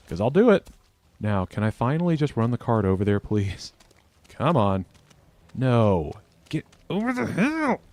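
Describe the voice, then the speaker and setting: A man hosting his own gaming channel, giving excitable, jokey live commentary and talking back to the game. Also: mid-range voice, no echo.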